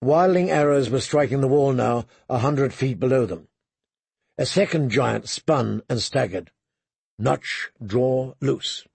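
A man reading a dramatic audiobook in a measured way, slipping into hushed low tones for tense moments. His voice is gravelly and a little husky, set slightly high for a man, and recorded dry and close. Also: expressive, no echo. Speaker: audiobook narrator.

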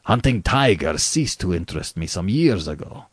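A man reading a story aloud, voicing a suave, menacing aristocratic male hunter who speaks slowly and with courtly politeness. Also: low-pitched, big pitch swings, husky, dry recording, clean studio sound, heavily acted. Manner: slow, measured, courtly. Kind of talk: audiobook reading.

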